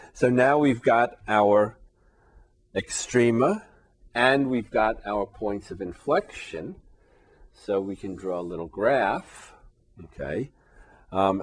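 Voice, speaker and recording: A man's voice: low voice, husky. A man teaching calculus to a class at the board, often asking the students "right?" and "all right?" as he works through the example. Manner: checks in often with rhetorical questions; moves about the board, voice fading as he turns away. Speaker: math teacher. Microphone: camera in the room.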